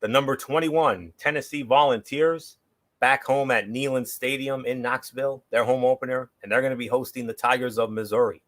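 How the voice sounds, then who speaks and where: A man with a mid-range, ordinary voice hosts a football picks show. He walks through each matchup in a plain, steady way, dropping in the occasional filler. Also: medium pitch, moderate pace. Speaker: show host. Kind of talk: casual sports picks chat.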